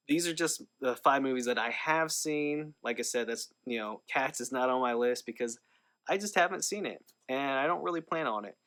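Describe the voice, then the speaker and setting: A man's voice: mid-range voice, a bit bright. A man talking casually to camera in a movie review vlog, rambling with lots of fillers and restarts.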